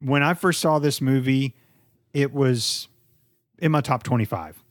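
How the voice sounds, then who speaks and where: A man co-hosting a casual movie review chat, with a middle-pitched voice. He talks in a chatty, playful way, dropping swear words freely. The sound is dry and close, with no room echo. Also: measured pace. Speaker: podcast co-host presenting the movie.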